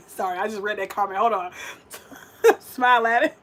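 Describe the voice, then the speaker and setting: Medium in pitch, a bit bright, and at a moderate pace, a young vegan cooking host keeps her livestream chat casual. She cooks while talking sassily and directly to her viewers.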